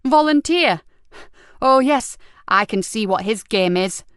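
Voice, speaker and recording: Casting: woman doing a tough, sardonic lady detective inspector for an audiobook, smooth clear voice, sharp and bristling. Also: fairly high pitch, lively intonation, takes it slowly, no room sound, clean studio sound, pitched above the performer's own voice. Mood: indignant. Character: hard-drinking defiant female police inspector. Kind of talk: audiobook character voice.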